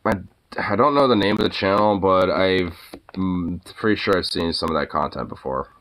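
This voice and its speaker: A man's voice: deep voice, moderate pace, fairly bright tone. A man streaming casually, cooing baby talk at his dog and chatting with viewers, swearing freely. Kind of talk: casual chat.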